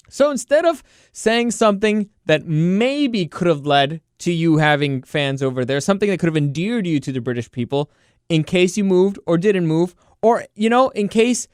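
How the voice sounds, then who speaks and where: A male podcast host delivers casual sports commentary as an exasperated, animated rant. His voice is high, smooth and resonant. The recording is close and dry. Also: no room sound.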